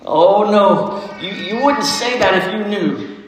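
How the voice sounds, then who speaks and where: A man's voice: high-pitched, expressive, takes it slowly, a bit bright, full character voice. A man doing a sobbing, stammering fawn. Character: sobbing guilt-ridden male fawn. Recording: echoey hall, faint noise.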